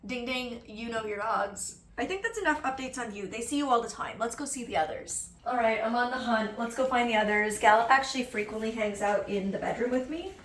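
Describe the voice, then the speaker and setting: A woman's voice: fairly high pitch, animated, quick pace, hardly any pauses, a bit bright. A young woman chatting casually at home as a vlogger, laughing often and acting out quotes. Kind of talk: casual chat. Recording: echoey room, faint noise.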